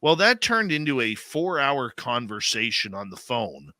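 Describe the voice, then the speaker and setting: A man's voice: medium pitch, big pitch swings, unhurried, sharp tone, no echo. A man with a Canadian accent, hosting a live radio talk show in a rambling, conversational way, full of fillers and restarts. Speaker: radio host.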